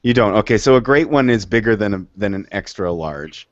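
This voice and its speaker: A man's voice: lowish voice, lively intonation, brisk, no room sound. A man chatting casually on a web show, hesitant and full of fillers, over dull web call audio.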